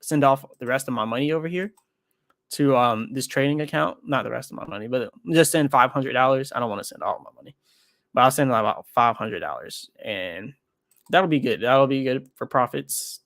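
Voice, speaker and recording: A man's voice: mid-range voice, moderate pace, a bit bright, no echo, studio quality. A man chatting casually on a livestream while trading, rambling and correcting himself as he thinks aloud. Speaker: crypto trading streamer.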